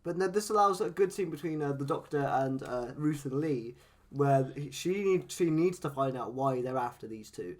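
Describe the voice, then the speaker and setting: A man's voice: mid-range voice, expressive. A young man co-hosting a podcast, recapping the story in casual chat. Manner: quick recap, full of fillers and restarts. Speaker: podcast co-host.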